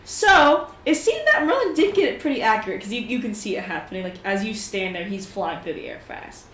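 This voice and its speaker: A woman with a fairly high voice narrates a tabletop role-play scene, animated and quick to laugh. The sound is echoey, as if recorded in a bare room, with faint noise behind her. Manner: giggly, animated, breaks into laughter often. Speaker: player narrating her character.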